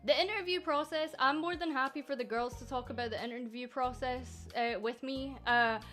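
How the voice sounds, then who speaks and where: A high-pitched, bright woman from Scotland talks casually on stream about the VTuber agency she runs. She is sarcastic and animated and swears freely. Faint background music plays under her voice. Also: normal speed.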